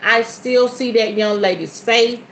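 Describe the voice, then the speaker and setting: A woman's voice: on the high side, roomy sound, a little hiss or hum, low-quality recording. Chatty woman in her forties. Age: 40s. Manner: chatty, animated, calls listeners honey and y'all; sudden whoops and shifts between fast and slow. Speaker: podcast host. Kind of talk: casual spiritual podcast chat.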